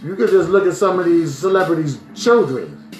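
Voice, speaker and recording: A man's voice: a little high, animated, moderate pace. Preachy man from New Jersey. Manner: preachy, emphatic, keeps asking "right?". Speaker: vlogger. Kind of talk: live-streamed commentary. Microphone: phone. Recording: echoey room with faint music.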